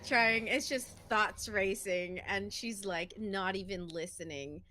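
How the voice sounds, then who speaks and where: Slow, bright-voiced woman player. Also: mid-range voice, slight background noise. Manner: hesitant, restarting sentences. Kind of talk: tabletop game play.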